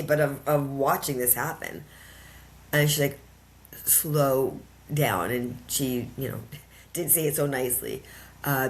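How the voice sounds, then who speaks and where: A woman guest on a podcast, telling a personal story earnestly with emphatic, repeated phrases. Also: extremely low pitch. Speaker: podcast guest, empowerment coach.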